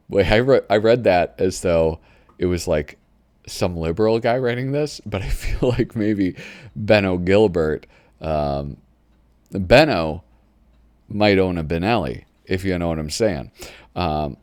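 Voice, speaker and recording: A man's voice: sits low, lively intonation, slow, long pauses, a little mellow, no echo. A man hosting a channel who chats casually and giggles as he flips through an old magazine at his computer. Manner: chatty, giggly, easily sidetracked. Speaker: host. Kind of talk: casual commentary while flipping through a magazine. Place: home computer desk.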